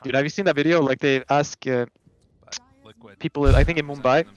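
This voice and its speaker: A man's voice: a little high, steady tone, brisk, dull audio. Hesitant man on a voice call. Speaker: guest on call. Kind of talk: casual chat.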